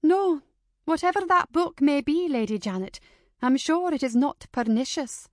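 A woman voicing a calm, good-humoured mother and hostess who speaks in a gently firm way. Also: sits high, normal speed, no echo, clean studio sound, voice pushed up.

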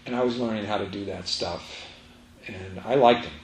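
A man's voice: lowish voice, moderate pace, slight background noise. A man giving a spiritual teaching talk to a live audience, emphatic and repeating his phrases as he tells a story. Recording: roomy echo, faint ambience.

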